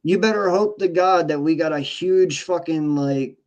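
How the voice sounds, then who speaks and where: A man with a fairly high-pitched voice, ranting about his team on a casual sports podcast. He swears freely and talks with heated frustration. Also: normal speed, darkish tone. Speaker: podcast co-host.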